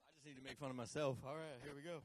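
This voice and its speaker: A man's voice: medium pitch, fairly even intonation, rapid-fire. A male pastor preaching a sermon, joking and teasing himself and asking the church to answer back. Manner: jokey, self-teasing, calls for responses.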